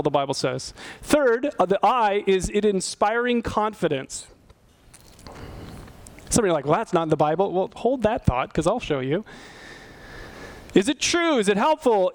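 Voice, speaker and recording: A middle-aged male pastor giving a sermon in a conversational way, often asking his listeners questions. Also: sits high. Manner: conversational, asks the audience questions.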